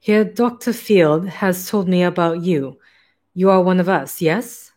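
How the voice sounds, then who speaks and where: A woman with a high, slightly mellow voice plays a small, frail male scientist using a put-on German accent. The character is devout and earnest, speaking formally, haltingly and pleadingly.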